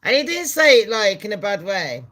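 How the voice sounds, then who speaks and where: A woman hosting a casual commentary vlog, talking bluntly and profanely in a chatty way, with loud excited bursts. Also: medium pitch, moderate pace. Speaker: channel host.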